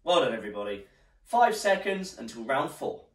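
A man's voice: medium pitch, sing-song, normal speed. A male fitness instructor leading a live workout class, slightly out of breath as he exercises and counts down the rounds. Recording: roomy echo, distant mic.

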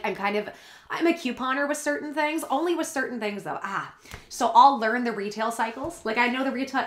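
A woman vlogger speaks to her audience in a rambling, heartfelt way. She sounds close to tears, and her voice wavers as she talks. Her pitch sits at a middling level for a woman. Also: fairly bright tone. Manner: tearful, rambling, earnest. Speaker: YouTuber. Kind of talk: emotional confessional vlog.

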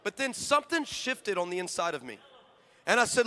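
A young man preaching a sermon to a live audience, telling a story with animated swings between shouting and hushed asides. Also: high-pitched, a little fast. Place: large hall with live audience.

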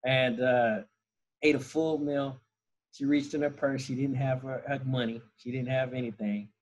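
A man casually telling a funny family story as a guest, animated and chuckling now and then. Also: medium pitch, moderate pace, rough recording.

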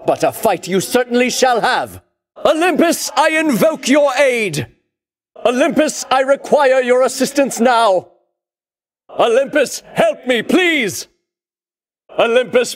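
A vain, swaggering champion of legend for a video game, all grand theatrical boasts and taunts. The voice sits high and swings widely in pitch. He takes his time, drawing out every lofty word. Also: fairly bright tone, full character voice. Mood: pleading prayer. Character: pompous boastful male hero champion.

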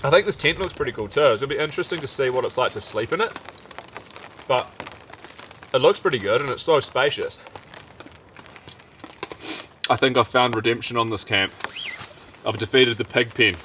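A man's voice: medium pitch, fairly quick, pauses often. A young man vlogging while camping, chatty and upbeat, talking while he eats. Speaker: outdoor vlogger. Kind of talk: casual camping vlog. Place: outdoors at a campsite under a shelter in rain. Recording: heavy rain noise outdoors. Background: steady rain and fire crackle.

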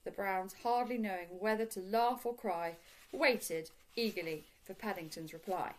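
A woman teacher reading a bedtime storybook aloud in a clear, gentle storytelling manner. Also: medium pitch, moderate pace, poor audio.

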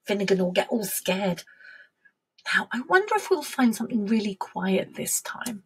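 A woman leading a preschool music lesson, singing and talking in an animated, sing-song way that drops to whispers and gasps. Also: medium pitch, moderate pace, husky. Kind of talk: sung and spoken children's music lesson.

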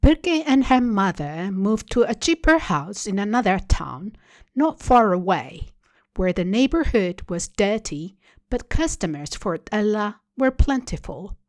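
Slow, deliberate woman reading a story. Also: medium pitch, big pitch swings, a little mellow, no echo. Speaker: story reader. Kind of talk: literary reading.

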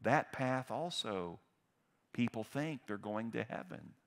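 A pastor delivering a sermon, swinging between loud, emphatic stress and low, quiet drops. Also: male voice, slow.

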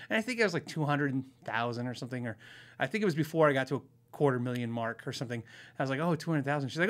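A man's voice: a little high, animated, fast talker, bright, forceful tone. A man hosting a podcast, telling a story in a chatty, self-deprecating way and acting out the other people in it. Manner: chatty, self-deprecating, acts out quoted voices. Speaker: podcast host. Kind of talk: casual storytelling.

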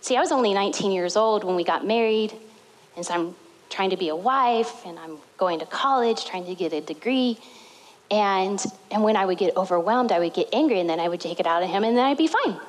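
A woman pastor preaching a sermon to a congregation, telling stories with lively, dramatic retellings. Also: mid-range voice, fairly quick, rough recording. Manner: animated storytelling with dramatic retellings.

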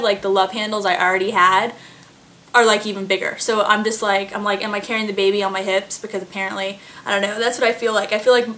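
Speaking in a mid-range, slightly bright voice, a pregnant woman in her late twenties talks casually to her vlog viewers. She giggles a lot and leans heavily on filler words.

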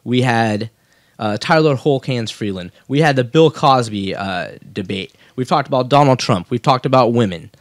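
Animated male podcast host, dry sound. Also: medium pitch, normal speed, no room sound. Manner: animated storyteller, acts out quotes in a raised voice. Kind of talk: casual chat.

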